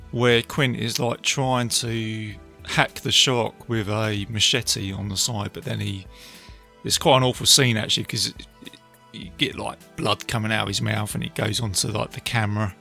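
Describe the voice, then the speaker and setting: A man's voice: medium pitch, vocal fry, pushed and bright. A man hosting a casual solo podcast, retelling film scenes. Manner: chatty, retelling scenes with many fillers. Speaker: podcast host, film reviewer. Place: beach outdoors.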